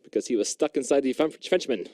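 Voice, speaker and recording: A man's voice: mid-range voice, fast, dark tone, dry recording. Hesitant man stumbling through jokes. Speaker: co-host. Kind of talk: casual comedy banter.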